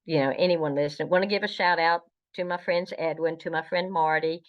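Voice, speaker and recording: A woman's voice: deep voice, steady tone, brisk, highs cut off. An older woman with a Southern American accent, a podcast guest who talks hesitantly with many fillers and restarts. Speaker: guest, Star Trek historian. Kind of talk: casual interview.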